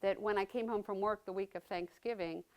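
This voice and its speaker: A woman's voice: medium pitch, fairly even intonation, a little fast. Woman, middle-aged, personal testimony, conversational, earnest, plainspoken, mid-range voice. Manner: conversational, often checks in with "right?". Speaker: speaker sharing her story as a mother.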